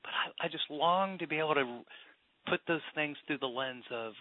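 A man's voice: on the high side, normal speed. A middle-aged man, a pastor and author, talking earnestly and reflectively as a guest in a radio interview. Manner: earnest, reflective, with many restarts. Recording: tinny phone line.

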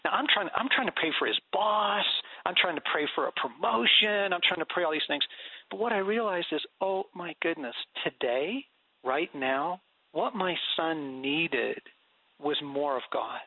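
A middle-aged man, appearing as a guest in a conversational faith interview, talks animatedly about prayer, telling stories and laughing often. His voice is a little high, expressive and slightly rough, at a moderate pace. The recording is dry with a phone-like radio sound.

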